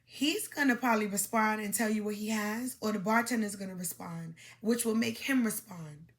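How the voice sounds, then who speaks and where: A woman's voice: medium pitch, moderate pace. A woman hosting a podcast, giving dating advice in an emphatic, repetitive coaching monologue with demonstrations.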